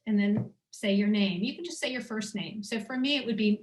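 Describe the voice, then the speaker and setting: Calm woman guiding a breathing exercise. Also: medium pitch. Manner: slow, soothing instructions with pauses. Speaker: dowsing teacher. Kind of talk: guided breathing and body-awareness exercise. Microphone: video call.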